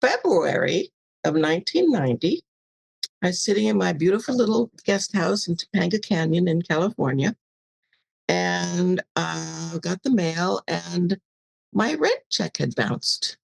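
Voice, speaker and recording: An older woman shares a personal story as a guest on a casual interview show. Her voice is gravelly and husky, and she lively acts out the voices in her tale. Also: lowish voice, a little slow. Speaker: podcast guest.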